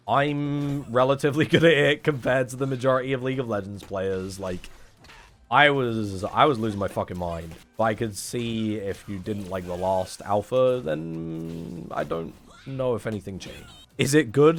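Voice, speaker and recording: A young man, talking casually and sarcastically to his chat on a live stream, rambling and swearing often. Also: medium pitch.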